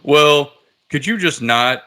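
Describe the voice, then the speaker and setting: Brief: man, very bright tone, easygoing podcast storyteller who curses freely. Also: a little high, expressive, slow pace. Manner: laid-back, swears often, laughs at own story. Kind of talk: casual storytelling.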